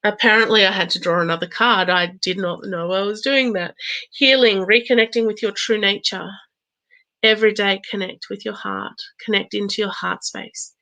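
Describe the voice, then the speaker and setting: A woman in her thirties hosting a live oracle card reading, chatty and bubbly, laughing often and slowing into a gentle coaching tone. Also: mid-range voice, low-quality recording. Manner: slows into gentle, coaching tone for affirmations. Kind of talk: live-stream chat with viewers.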